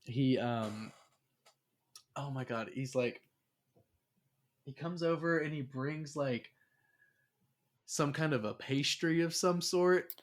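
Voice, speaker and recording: A man's voice: mid-range voice, takes it slowly, long pauses. Young man rambling through a show recap. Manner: rambling, profane, acts out characters' lines. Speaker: podcast host. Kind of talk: casual recap chat.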